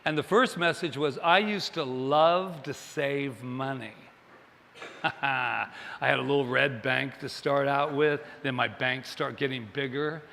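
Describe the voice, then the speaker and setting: Bright-voiced male minister in an echoing hall. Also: mid-range voice, takes it slowly, gravelly, a little hiss or hum. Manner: chatty, jokes with the congregation, asks them questions. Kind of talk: Sunday sermon to a congregation.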